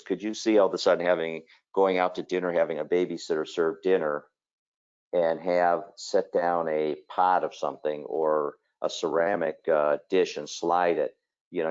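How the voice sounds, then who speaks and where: A kitchen designer giving a conversational webinar presentation, telling stories with plenty of fillers. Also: male voice, very deep voice, a little mellow, muffled recording.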